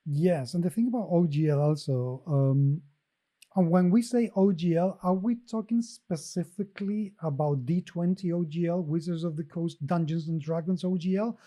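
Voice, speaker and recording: A man with a softened Spanish accent, hosting a podcast in a playful, joking manner. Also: fairly high pitch, moderate pace. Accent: Spanish, softened by years in England. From Spain. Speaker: podcast host. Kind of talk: podcast chat.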